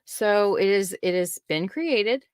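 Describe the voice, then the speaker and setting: A woman's voice: medium pitch, lively intonation, slow pace, darkish tone, clear, resonant tone, dry recording. A young adult woman hosting a podcast, giving a casual spoken update in a rambling, giggly way that keeps interrupting itself. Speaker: podcast host.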